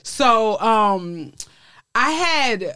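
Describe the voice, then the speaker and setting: Woman, young adult, comedian guest, casual storytelling, animated, acts out characters, dry studio sound. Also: a little high, extremely slow, smooth, no room sound. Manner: animated, acts out the people in her stories.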